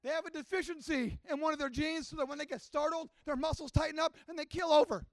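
A man preaching a sermon, telling a story with passion and rising to shouts. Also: very high-pitched, steady tone, quick pace, no room sound. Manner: impassioned storytelling that builds to shouting. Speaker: pastor.

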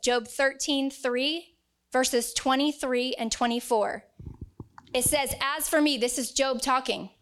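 A woman's voice: high voice, fairly bright tone. A woman preaching a sermon to a congregation, earnest and emphatic, reading scripture aloud. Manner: earnest, emphatic, acts out quoted voices.

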